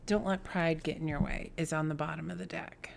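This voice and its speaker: A woman giving a spiritual tarot reading, telling a personal story in an earnest, heartfelt way and sometimes dropping to a soft whisper. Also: deep voice, fairly even intonation, brisk, creaky, slight background noise. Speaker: tarot reader.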